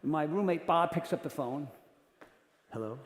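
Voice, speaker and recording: A man giving a talk to an audience, telling jokey stories in an animated way and acting out voices. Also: on the high side, brisk. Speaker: keynote speaker. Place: large conference hall. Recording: echoey hall with long reverb.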